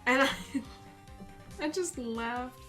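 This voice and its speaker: A woman's voice: high voice, slow pace. A young woman streamer casually telling a funny story while drawing, laughing often as she talks. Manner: giggly, animated, laughs often. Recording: faint music playing behind.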